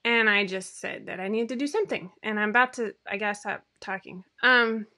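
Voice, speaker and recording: Chatty, bright-voiced woman on a home livestream. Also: mid-range voice, brisk. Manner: chatty, rambling, self-deprecating, many fillers. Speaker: sewing pattern designer hosting a weekly live show. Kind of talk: casual livestream chat. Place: home room.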